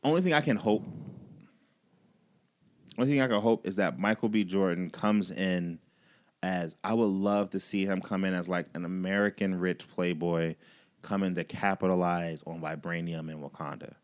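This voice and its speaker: A man's voice: sits low, moderate pace. A man co-hosting a podcast in casual studio chat, opinionated and profane, often restarting his sentences. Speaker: podcast co-host.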